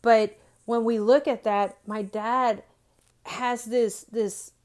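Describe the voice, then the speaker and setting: A middle-aged woman sharing her testimony, telling the story with lively acted-out dialogue. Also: on the high side, takes it slowly. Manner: animated storytelling, acting out dialogue. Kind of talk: testimony talk.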